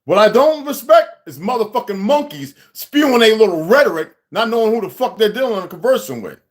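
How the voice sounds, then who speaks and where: A livestream host with a high, very animated voice rants angrily at a viewer, speaking a little fast. He's aggressive, profane, and confrontational.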